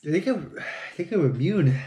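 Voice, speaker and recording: A man's voice: fairly high pitch, animated, normal speed, warm tone. A man vlogging on his own, mumbling to himself and mocking himself, with plenty of swearing. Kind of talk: casual solo vlog talking to camera while building. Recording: echoey room.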